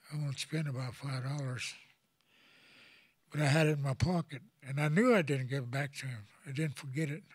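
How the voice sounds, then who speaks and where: An older man from Oklahoma tells a personal story to an audience in a halting, plain-spoken way, often repeating words as he goes. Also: medium pitch, slightly rough, dry recording. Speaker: elder speaker.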